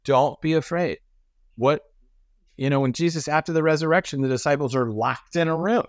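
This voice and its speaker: A middle-aged man telling stories as a podcast guest, animated and acting out the voices of people he quotes. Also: on the high side, moderate pace, no echo, clean studio sound. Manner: frequent restarts and repetitions. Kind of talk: conversational storytelling.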